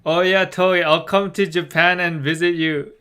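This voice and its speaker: A man's voice: sits high, fairly even intonation, normal speed, sharp tone, clear, resonant tone. A young man from Canada, teaching Korean in a casual, chatty livestream and laughing often. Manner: chatty, laughs often, reads chat aloud.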